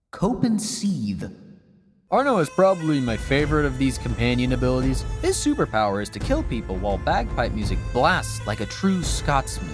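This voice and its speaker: Sarcastic man narrating a game review. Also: mid-range voice. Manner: dry, sarcastic, joking asides. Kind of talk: scripted video review narration.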